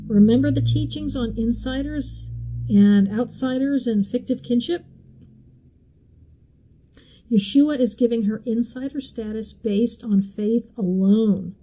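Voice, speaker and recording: A woman's voice: fairly high pitch, mellow, slight background noise, low-quality recording. A woman hosting a podcast and teaching through a Bible passage, in a chatty, emotional way with asides and small laughs.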